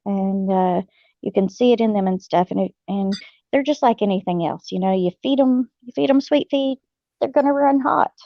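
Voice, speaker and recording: A woman's voice: mid-range voice, normal speed, no echo. A middle-aged woman, hosting a casual chat and telling folksy stories with frequent laughs and fillers. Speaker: host. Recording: dull lo-fi sound.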